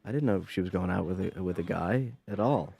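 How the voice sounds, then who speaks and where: A man's voice: low-pitched, fairly quick, creaky, dark tone. A man voicing an awkward, hesitant young adult son in a cartoon, full of stammers and filler words. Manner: awkward, hesitant, self-absorbed.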